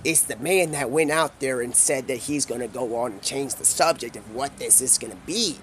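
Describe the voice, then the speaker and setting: A man's voice: medium pitch, normal speed, fairly bright tone, a little hiss or hum, lightly acted. A man voicing a preachy, scolding llama. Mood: lecturing. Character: bossy female llama who lectures everyone.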